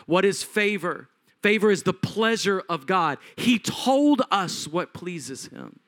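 Male pastor, higher voice, preaching; dramatic storytelling that jumps between loud and quiet. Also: slow pace. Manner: animated storytelling, acting out voices, swings from loud to hushed. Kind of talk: sermon.

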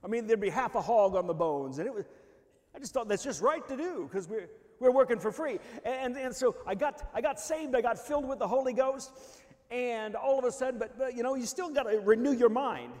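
A man preaching a testimony sermon, swinging from hushed, low stretches to loud shouts, often restarting his words. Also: brisk. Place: church hall. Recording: long reverb of a church hall.

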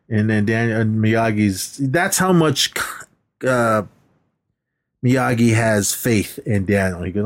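A man's voice: lowish voice, unhurried. A man co-hosting a podcast, retelling film scenes in casual chat and jumping his voice up when he quotes the characters. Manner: rambling retelling, acts out lines in a raised voice. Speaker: podcast co-host. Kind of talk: casual movie recap chat.

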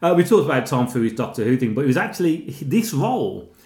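A man's voice: mid-range voice, very animated, quick pace, darkish tone, echoey room. A man with a Birmingham accent co-hosting a podcast, chatting casually about a film with frequent laughs and rambling asides. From Birmingham, England. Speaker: podcast co-host.

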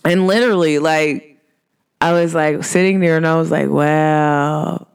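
A woman's voice: low-pitched, steady tone, normal speed, clear, resonant tone. Woman, podcast host, from Cincinnati, casual monologue, slangy, chatty, laughs often. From Cincinnati, USA.

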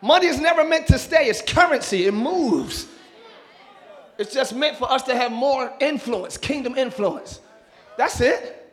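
A middle-aged man preaching a sermon in church as pastor. He moves from calm teaching to shouted, fervent preaching and breaks in with whoops and jokes for the congregation. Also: very high-pitched, a little slow, a faint crowd. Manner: interjects "woo" and jokes with the congregation.

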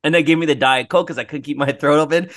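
A man co-hosting a casual podcast chat, telling rambling stories and clearing his throat often. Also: on the high side, steady tone, fast, a bit bright. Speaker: podcast co-host.

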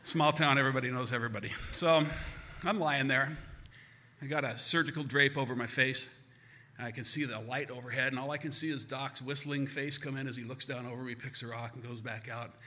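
A man from the United States telling a comic story live, animated and self-mocking. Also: medium pitch, fairly quick. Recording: hall reverb with faint hiss.

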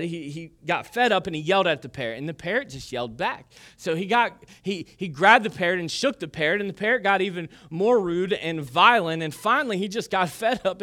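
Joking male preacher, slightly high voice. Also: bright, forceful tone. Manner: joking, conversational storytelling. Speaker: pastor. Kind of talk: sermon.

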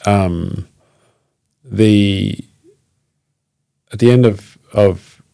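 A man's voice: fairly low pitch, extremely slow, vocal fry, warm tone, no echo. A man hosting a podcast, asking his guest questions in a friendly, hesitant way with many fillers. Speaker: podcast host. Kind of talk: interview closing questions.

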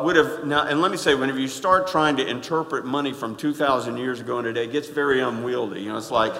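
Folksy man preaching in an echoey hall. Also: fairly high pitch. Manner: emphatic, folksy, swings from quiet asides to loud stresses. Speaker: pastor. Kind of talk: sermon. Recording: echoey hall with long reverb.

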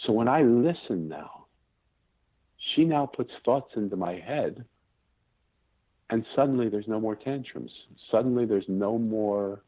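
Interview guest, male, 50s, low husky voice, earnest and searching, tinny phone-quality audio. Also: expressive, a little slow, pauses often. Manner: earnest, searching for words, restarts sentences. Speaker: podcast guest. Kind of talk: reflective personal storytelling.

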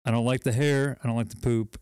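A man's voice: medium pitch, fairly even intonation, a little fast, darkish tone, smooth, dry recording, studio quality. A man co-hosting a podcast, chatting casually, laughing often and poking fun at himself. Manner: laughing, self-deprecating, rambling with restarts. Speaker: podcast co-host. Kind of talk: casual chat.

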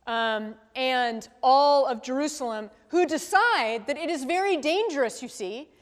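Speaking a little slowly, this woman pastor has a high-pitched voice with lively intonation. Her sermon is conversational, and she often uses tag questions to check in with the congregation the way a teacher would. A large hall's long reverb surrounds her.

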